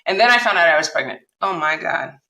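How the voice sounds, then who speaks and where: A woman telling her personal story as a podcast guest, animated and acting out the dialogue she recalls. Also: sits low, quick pace, reverberant, rough recording. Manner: animated retelling, acts out quoted dialogue.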